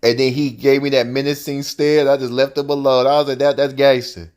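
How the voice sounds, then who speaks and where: Dude telling a story, casual and animated, cusses a lot. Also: male voice, mid-range voice, quick pace, smooth. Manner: animated, profane, conversational.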